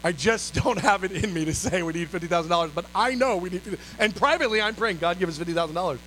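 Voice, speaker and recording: A male pastor telling a story in an animated, dramatic sermon style. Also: sits high, fast, a little hiss or hum, low-quality recording.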